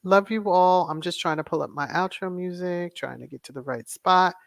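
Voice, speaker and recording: Livestream host, casual and soothing, mid pitch, dry close mic, repeats affirmations while reading comments. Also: moderate pace, vocal fry, no echo. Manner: reads viewer messages aloud and repeats thanks and affirmations.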